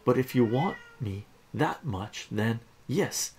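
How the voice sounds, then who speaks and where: A man's voice: medium pitch, lively intonation, slow pace, darkish tone, breathy edge. Sweet coy alien girl, as a man reads her. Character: lovestruck young alien woman, sweet and coy.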